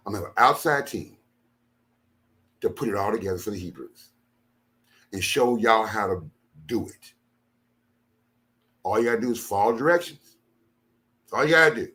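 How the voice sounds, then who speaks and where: A minister speaks with passion to his followers in a low voice, emphatic and repeating phrases. He swings from quiet, low passages into loud bursts.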